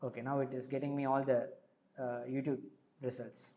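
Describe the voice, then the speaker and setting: A man with an Indian accent, hosting a live coding stream, who explains each step as he goes and fills pauses with frequent filler words. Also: medium pitch, little pitch movement, mellow.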